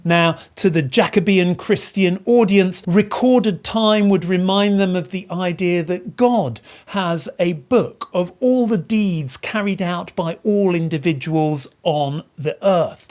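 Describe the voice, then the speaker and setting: A woman narrates a literature lesson in a somewhat low voice. She breaks down the text line by line, leaning on key words and posing rhetorical questions as she goes. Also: darkish tone. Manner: explanatory, emphatic, asks rhetorical questions. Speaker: literature teacher. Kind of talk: educational explainer narration.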